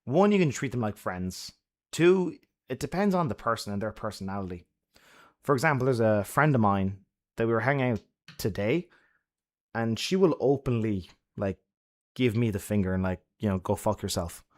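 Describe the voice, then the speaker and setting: A man's voice: mid-range voice, expressive, normal speed. A man giving friendly advice to his chat on a casual live stream, laughing often and swearing freely.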